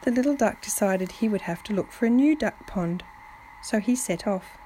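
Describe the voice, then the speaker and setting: A woman reading a children's picture book aloud to family, gently, with soft whispered touches. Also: medium pitch, lively intonation, normal speed, a little hiss or hum, rough recording. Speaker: family storyteller.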